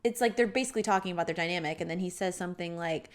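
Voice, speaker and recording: A woman's voice: on the low side, a little hiss or hum. A woman co-hosting a podcast, chatting casually about a movie, rambling with lots of fillers. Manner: rapid, chatty, full of fillers. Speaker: podcast co-host. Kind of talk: casual movie review chat.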